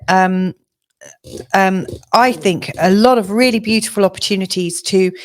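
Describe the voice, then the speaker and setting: A woman astrologer giving a casual weekly forecast, chatty and hesitant, with a slightly hoarse voice. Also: on the low side. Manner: chatty, hesitant with many fillers and restarts. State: slightly hoarse, losing her voice.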